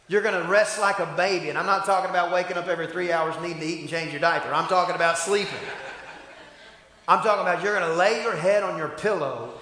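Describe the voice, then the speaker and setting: A man preaching a sermon as pastor, leading call-and-response and swinging from shouted peaks to quiet asides. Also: sits high. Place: church sanctuary. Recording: echoey church hall.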